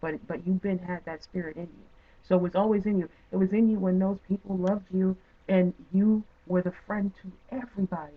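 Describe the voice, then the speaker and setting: A woman's voice: medium pitch, fairly even intonation, fairly quick. A woman hosting an interview, talking in an earnest, affirming way and often repeating her points for emphasis. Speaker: talk show host. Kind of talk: encouraging interview talk. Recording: tinny phone-like sound.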